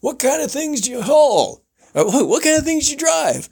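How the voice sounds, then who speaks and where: A man voicing a loud, cheery male cowboy radio host who talks high and over the top. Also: sing-song, normal speed, gravelly, heavily acted. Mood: cheery showman.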